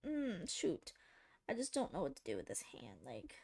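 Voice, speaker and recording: A woman's voice: on the low side, huge pitch swings, normal speed, a little mellow. A woman streamer chatting casually to her viewers while drawing, rambling, giggly and poking fun at herself. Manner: rambling, giggly, self-mocking, talking to chat.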